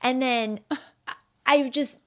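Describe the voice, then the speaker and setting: A woman's voice: high-pitched, slow pace. A woman in her thirties hosting a podcast, chatting casually with a friend and telling stories with quoted asides. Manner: gushing, animated storytelling with quoted asides. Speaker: podcast host. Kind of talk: casual chat.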